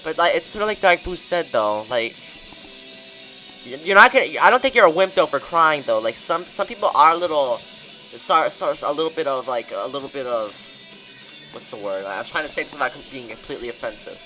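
A young podcast host chatting casually, ranting in an animated way and reading out questions to co-hosts. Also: brisk, soft background music. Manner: animated, ranting, swings pitch widely. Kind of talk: casual chat.

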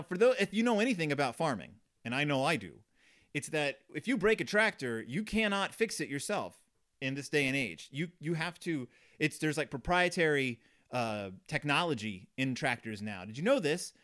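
A man's voice: on the high side, fairly bright tone. A man giving a casual, sardonic, rambling commentary on a children's book, joking as he goes. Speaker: book reviewer.

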